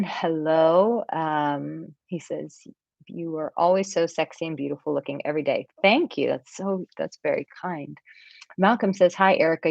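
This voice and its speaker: A woman's voice: sits low, vocal fry, no room sound. A woman in her thirties, a dating coach, chatting casually on a live Q&A stream and reading out viewer comments. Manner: breezy, chatty, reads viewer comments aloud. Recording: dull, dry lo-fi stream audio.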